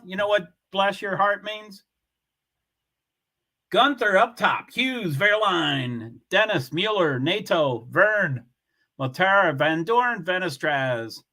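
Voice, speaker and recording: A man's voice: high-pitched, pushed and bright. A man hosting a casual livestream, chatting with viewers and reading their comments aloud in a blunt, offhand way. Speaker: livestream host.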